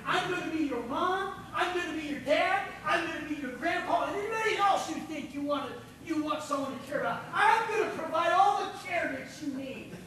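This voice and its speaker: A preacher putting on a screaming army drill sergeant. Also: male voice, very high-pitched, lively intonation, fairly quick, few pauses, very echoey, recorded from a distance, slight background noise, pitched above the performer's own voice, heavily acted, poor audio. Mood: bellowing. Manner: shouting orders.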